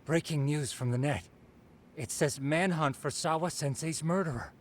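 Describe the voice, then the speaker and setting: A man's voice: fairly high pitch, normal speed, slight background noise, close to an everyday voice. An actor voicing an adult male investigator in a video game, relaying news in a curious, matter-of-fact way.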